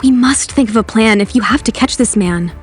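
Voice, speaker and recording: Woman doing a sarcastic determined teen girl telling her story, high voice. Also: brisk, faint music behind, close to an everyday voice. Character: teen schoolgirl narrator, brave and sarcastic. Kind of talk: first-person animated story narration.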